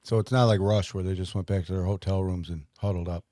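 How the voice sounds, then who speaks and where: A man's voice: low-pitched, steady tone, quick pace, dark tone, no echo, studio quality. A man, co-hosting a casual chat in a laid-back way with short remarks. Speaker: podcast co-host.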